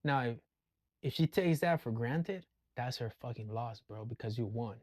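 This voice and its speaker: A man's voice: mid-range voice, lively intonation, moderate pace, darkish tone, dry recording. A man ranting casually in a vlog, blunt and full of profanity. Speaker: vlogger. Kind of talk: casual rant.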